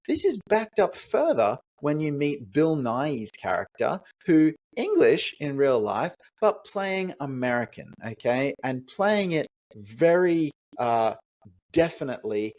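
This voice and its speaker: A man co-hosting a podcast, chatting casually about a film, animated and rhetorical, with frequent fillers as he thinks aloud. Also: on the high side, a little slow. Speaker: podcast co-host. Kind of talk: casual movie review chat.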